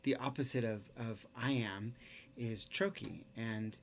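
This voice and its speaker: Casual, halting male teacher. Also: lowish voice, slight background noise. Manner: halting, with many fillers; relaxed, casual. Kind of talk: recorded online lesson.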